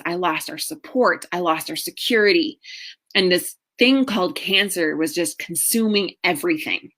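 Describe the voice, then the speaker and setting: A middle-aged woman, a marriage coach, tells her own hard story in an earnest, heartfelt way. Her voice sits a little low, and she leaves slow pauses as she talks. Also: a bit bright. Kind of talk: personal story talk.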